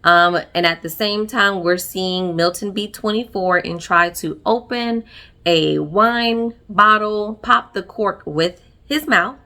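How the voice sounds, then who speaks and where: A woman's voice: mid-range voice, slow, bright, forceful tone. A woman giving a sassy, chatty recap of a reality show episode, laughing often. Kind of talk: casual recap commentary.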